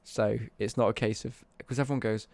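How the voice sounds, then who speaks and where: Sweary British guy ranting, gravelly. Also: on the low side, steady tone, brisk, a little mellow, no room sound. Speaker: live streamer. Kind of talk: casual live-stream rant.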